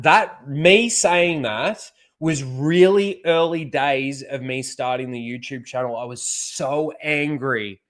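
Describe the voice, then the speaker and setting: A man's voice: mid-range voice, a bit bright. Swearing man streaming casually. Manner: swears freely, chuckles often. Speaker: livestream host. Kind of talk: casual livestream chat.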